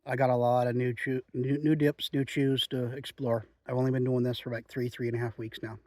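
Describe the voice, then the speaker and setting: A man chatting in a relaxed, rambling way outdoors in the woods while reviewing a chew. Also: mid-range voice, brisk, no room sound. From Oregon. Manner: chatty, relaxed, frequent "um" and "you know". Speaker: outdoor vlogger reviewing chewing tobacco. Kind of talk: rambling casual monologue.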